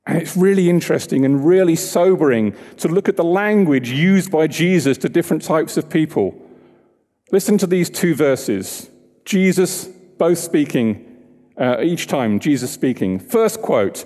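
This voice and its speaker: Male preacher, mellow tone, conversational and engaging, long church echo. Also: fairly high pitch, lively intonation, unhurried. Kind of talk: sermon.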